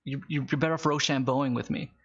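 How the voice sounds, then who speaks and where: A man running a tabletop game as game master, narrating with wry, halting asides. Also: mid-range voice, fairly even intonation, highs cut off, a loud crowd.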